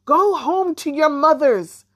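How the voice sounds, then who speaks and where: A woman's voice: on the low side, measured pace, slightly rough, no room sound. A woman reading as a harsh, curt old witch. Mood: shouting.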